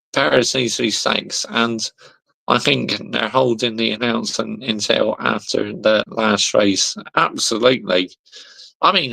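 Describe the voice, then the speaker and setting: Gravelly, bright-voiced lad streaming. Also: male voice, on the low side. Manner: laughs often, reads viewer comments aloud and replies with slang. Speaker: football livestream host reading chat. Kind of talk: casual livestream chat.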